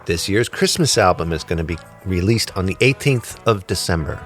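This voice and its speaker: A man's voice: low voice, lively intonation, fairly quick, music in the background. A man hosting a casual podcast chat, joking and teasing his co-host. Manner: teasing, jokey, prone to laughing fits.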